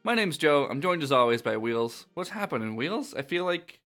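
A man hosting a casual podcast, playful and quick to laugh. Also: fairly high pitch, very animated, fairly bright tone, faint music behind. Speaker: podcast host.

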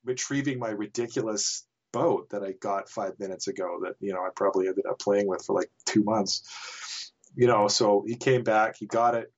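A man's voice: lowish voice, moderate pace. A man from Canada, a podcast guest, telling a casual anecdote in a rambling way with frequent chuckles. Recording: dull lo-fi podcast audio.

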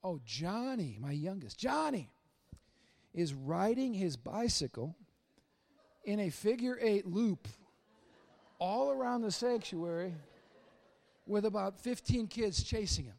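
A middle-aged male pastor with a high-pitched voice delivers a joking, story-driven sermon in a church. He swings between loud, excited bursts and quiet, hushed asides. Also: slow, vocal fry, long pauses. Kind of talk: humorous sermon. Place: church sanctuary.

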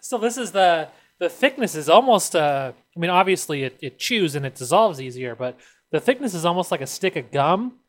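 A man's voice: fairly high pitch, big pitch swings, moderate pace. A man co-hosting a casual snack review chat, talking in detail and often amused. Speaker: co-host.

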